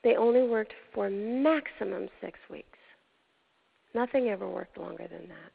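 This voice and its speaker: An older woman hosting a show, telling a personal story with emotion, dramatic pauses and hushed moments. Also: medium pitch, creaky, slightly rough. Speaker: show host. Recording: tinny phone-like sound.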